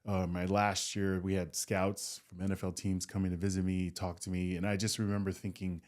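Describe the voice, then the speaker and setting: A hesitant man speaking on a casual studio podcast. He stumbles and repeats words while he tells a personal story, with a somewhat low voice. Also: level tone, moderate pace, few pauses, a little mellow. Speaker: podcast co-host, former football player.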